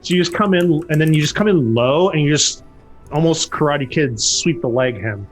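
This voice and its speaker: Animated male game master over faint music. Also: normal speed. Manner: lively, acts out characters with loud jumps in pitch. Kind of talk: narrating a tabletop game.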